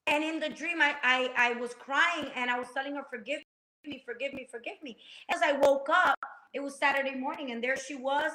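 High bright woman preaching her testimony, all fired up, echoey room. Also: fairly even intonation, fairly quick. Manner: passionate, preacher-like, acts out quotes. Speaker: guest sharing testimony. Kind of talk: faith-based talk show conversation.

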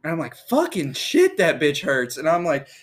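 A man's voice: on the high side, fairly quick, fairly bright tone. A young man telling a rambling story in casual chat, full of fillers and swearing.

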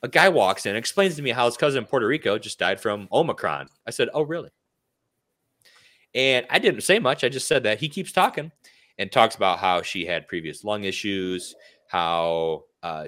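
A man's voice: fairly low pitch, sing-song, moderate pace, fairly bright tone. A podcast host, a man, ranting casually and heatedly and firing off rhetorical questions. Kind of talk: casual opinion rant.

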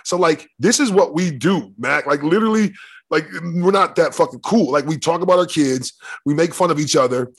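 A man from Michigan co-hosting a casual podcast, brash and profane, talking fast and steering the conversation. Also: on the high side, breathy edge. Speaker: co-host, former football player.

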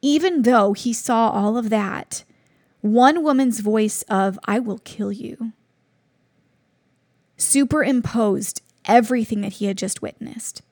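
Woman in her 30s, podcast host, earnest and reflective, a bit high, some vocal fry. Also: measured pace, a little mellow, no room sound, studio quality. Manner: earnest, reflective storytelling with frequent restarts. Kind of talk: personal devotional podcast talk.

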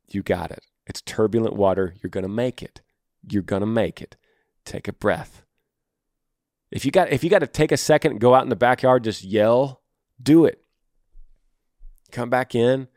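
This podcast host's mid-range voice is a little mellow, recorded cleanly on a studio mic without room sound. Earnest and encouraging, he advises a listener and keeps returning to his key phrases.

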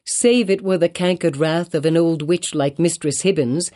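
A woman's voice: sits low, moderate pace, warm tone, natural voice. A woman reading an audiobook voices an anxious clergyman who pleads earnestly and urgently. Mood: pleading.

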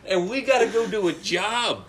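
A man's voice: high-pitched, lively intonation, normal speed, fairly bright tone, slight background noise. A young man, casually telling a rambling story and laughing through it.

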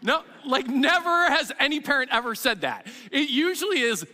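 A middle-aged man preaches from the pulpit, his voice high and bright. He tells stories with energy and plays out both the parent and the child. A long reverb trails his words through the sanctuary. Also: normal speed, hardly any pauses. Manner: animated storytelling, acts out parent and child. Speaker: pastor. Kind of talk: sermon.

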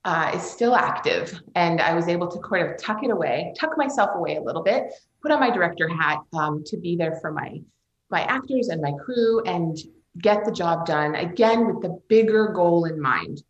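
A woman speaks as an interview guest, earnest and emotional, often pausing and restarting. Her voice sits a little low. It is recorded in a noticeably echoey room. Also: highs cut off. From Canada. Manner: earnest, emotional storytelling with many fillers and restarts. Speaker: film director, interview guest. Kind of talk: interview conversation.

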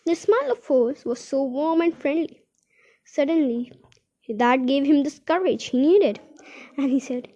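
A woman with a high voice reads a children's story aloud, expressive and animated in her telling. The recording is dull and lo-fi, with the top end muffled.

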